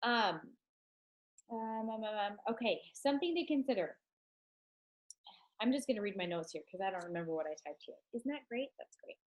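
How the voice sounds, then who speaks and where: A woman's voice: mid-range voice, lively intonation, moderate pace, long pauses, dull audio. A chatty, enthusiastic woman with a stuffed-up nose, talking casually to her team on a live stream, with many ums.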